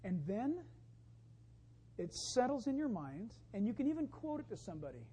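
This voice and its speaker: A woman pastor delivering a sermon, emphatic and building to loud exclamations. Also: fairly high pitch, very animated, normal speed, slightly rough, poor audio.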